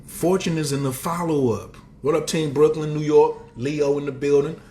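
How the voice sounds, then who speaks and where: A man hosting a casual motivational livestream, talking in streetwise slang and greeting viewers in the chat. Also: normal speed. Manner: animated, swings up and down in pitch. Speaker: livestream host and motivational speaker.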